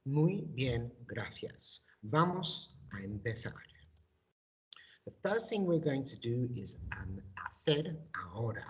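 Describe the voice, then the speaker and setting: A man teaching a recorded video lesson in a husky, breathy voice. His pitch swings widely as he models words for pupils to repeat, slowly and deliberately, stressing each sound. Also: big pitch swings, fairly bright tone.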